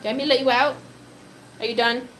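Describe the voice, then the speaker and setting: A woman's voice: on the high side, fairly even intonation, quick pace, fairly bright tone, a little hiss or hum, rough recording. A young woman who grew up speaking Polish, chatting casually on a live stream and reading out viewer comments. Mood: doting. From Poland. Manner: chatty, giggly, breaks into baby talk with her pet. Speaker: pet-keeping live streamer.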